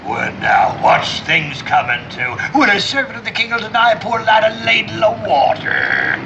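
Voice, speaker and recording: An actor playing a crafty, jovial older sea captain who talks like a salty sailor. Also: male voice, sits high, huge pitch swings, moderate pace, vocal fry, lo-fi sound, background noise, heavily acted. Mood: blustering. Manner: salty sailor talk, boisterous and cajoling.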